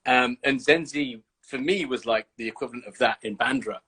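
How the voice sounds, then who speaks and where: Husky, bright-voiced man telling stories. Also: medium pitch, brisk. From United Kingdom. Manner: animated storyteller, swears freely, acts out scenes. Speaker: host. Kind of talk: casual livestream chat. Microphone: video call.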